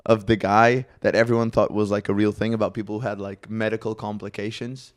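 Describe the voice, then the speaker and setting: A man's voice: on the low side, level tone, fairly quick, no room sound, studio quality. A young man co-hosting a podcast, telling stories in a rambling casual way with lots of fillers. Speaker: podcast co-host. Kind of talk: casual chat. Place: festival venue, on a couch.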